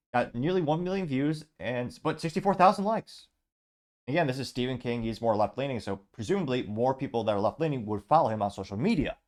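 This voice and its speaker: A man hosting a political commentary show, reading social media replies aloud with sarcastic, wry asides. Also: medium pitch. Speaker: podcast host.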